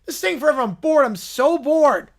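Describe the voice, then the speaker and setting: Spoiled little princess, put on by a reader; high, shrill, demanding, with tantrum shouts. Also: animated, moderate pace. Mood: whining.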